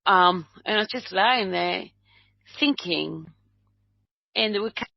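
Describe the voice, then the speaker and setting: A woman's voice: medium pitch, slow pace, gravelly, no room sound. An older woman from Uruguay, a medium and healer, telling a personal story in a rambling way, with many restarts. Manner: rambling, acts out quoted dialogue, many restarts. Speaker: medium and healer, interview guest. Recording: dull lo-fi recording.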